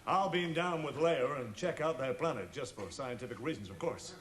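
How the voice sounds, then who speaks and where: A man's voice: mid-range voice, moderate pace, crowd noise. A man in a stage comedy sketch, making dry, cheeky wisecracks as a science officer. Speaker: comic actor playing a science officer. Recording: echoey studio with background noise.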